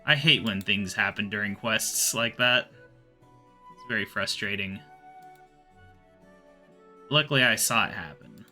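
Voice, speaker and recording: A man's voice: fairly low pitch, measured pace, pauses often, faint music behind. Man casually commenting on a game. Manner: relaxed, rambling, muttering to himself. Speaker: gaming video host.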